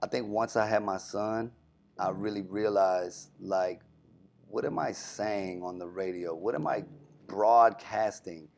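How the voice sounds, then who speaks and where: A man's voice: on the low side, unhurried, gravelly, a little mellow. A young adult man, a radio DJ, talking earnestly and emphatically in a casual interview, often saying "you know what I'm saying.". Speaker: radio DJ guest.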